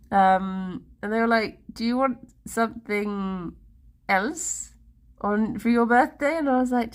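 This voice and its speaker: A woman's voice: on the high side, moderate pace. A woman in her thirties with an English accent, chatting casually and playfully with stream viewers, giggling often. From England. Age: 30s. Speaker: livestreamer.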